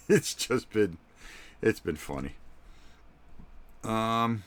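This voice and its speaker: A man's voice: deep voice, fairly bright tone. A middle-aged man hosting a live stream, chatting casually and speaking directly to his viewers.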